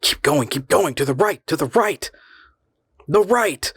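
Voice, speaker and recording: A man voicing an unseen, impatient commanding voice that barks orders in a booming tone in a spoken horror story. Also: measured pace, fairly bright tone, no room sound, studio quality.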